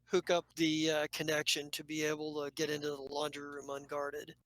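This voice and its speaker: A woman's voice: low voice, monotone, moderate pace, fairly bright tone, dry recording, poor audio. A woman narrating as game master of a tabletop role-playing game, rambling with many fillers and restarts.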